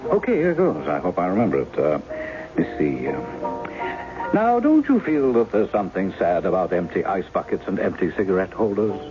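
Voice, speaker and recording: Charming teasing impostor, low voice with a lively swing, 1970s radio drama, muffled old broadcast with music. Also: male voice, moderate pace. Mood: playful. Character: charming male novelist posing as a lost husband, wry and teasing.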